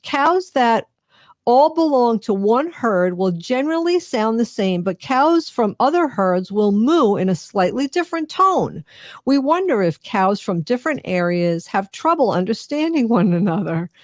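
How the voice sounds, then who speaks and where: A woman's voice: a little high, sing-song, a little slow, no echo, clean studio sound. A woman from Long Island with a Long Island New York accent, co-hosting a radio show and reading out fun facts with chatty asides. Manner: reads facts aloud with chatty asides and laughs. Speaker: radio co-host.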